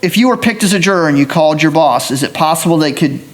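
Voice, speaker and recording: A man serving as a judge in a courtroom, explaining jury duty to prospective jurors in a measured, explanatory manner. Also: fairly high pitch, lively intonation.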